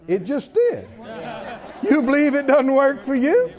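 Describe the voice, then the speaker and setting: A man preaching a sermon, swinging from near-shouts down to hushed tones, often laughing between lines. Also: high voice, big pitch swings, moderate pace, highs cut off. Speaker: pastor.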